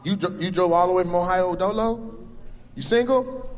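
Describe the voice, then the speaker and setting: A man doing stand-up crowd work on a club stage, teasing audience members with brash remarks that rise to loud shouts. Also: high voice, normal speed, poor audio. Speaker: stand-up comedian. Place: comedy club stage before a live audience. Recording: live club recording with crowd noise. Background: audience laughter and crowd noise.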